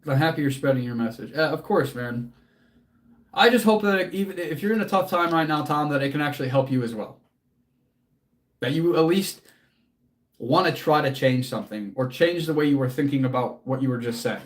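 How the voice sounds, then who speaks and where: A man's voice: on the high side, expressive, fairly quick. A man hosting a casual livestream as a fitness coach, answering chat in an earnest, motivational way, casually swearing and close to tears.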